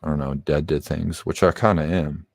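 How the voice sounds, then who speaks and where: A man's voice: a bass voice, fairly even intonation, moderate pace, vocal fry, no room sound. A man guesting on a podcast, chatting casually about his music, rambling with lots of fillers and swearing. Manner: laid-back, swears a lot, rambling with many fillers. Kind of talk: casual interview chat.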